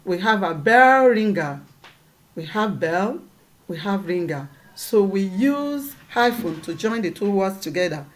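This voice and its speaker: A woman's voice: medium pitch, lively intonation, a little slow. A woman teaching a lesson, patiently repeating points and checking that her students follow. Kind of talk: classroom lesson.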